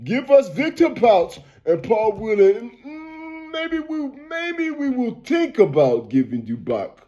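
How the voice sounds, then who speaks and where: A man's voice: very high-pitched, very animated, slow pace, mellow, pitched above the performer's own voice, heavily acted. A man voicing a stern male Russian official in a mock Russian accent, speaking clipped, broken English and bargaining bluntly.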